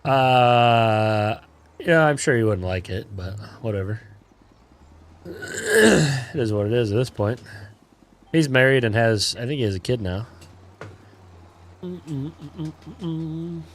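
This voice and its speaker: A man's voice: medium pitch, lively intonation, unhurried, pauses often, a little hiss or hum. Laid-back man rambling a crude story. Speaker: livestreamer. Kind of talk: casual storytelling chat while gaming.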